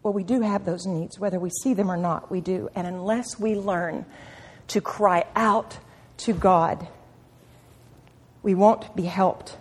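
A woman's voice: lowish voice, steady tone, a little slow, slightly rough. Impassioned woman preacher in a reverberant hall. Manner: impassioned, swinging from soft to loud; repeats phrases for emphasis. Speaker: preacher at a women's meeting. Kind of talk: sermon.

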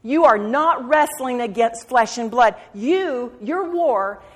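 A fairly high-voiced woman preaches with passion, dropping to quiet asides and then rising to ringing cries. She hammers home her points by repeating phrases. Her voice carries a long reverb, recorded in a church hall. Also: animated, takes it slowly. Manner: impassioned, swinging from soft to loud. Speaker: preacher at a women's meeting. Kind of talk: sermon.

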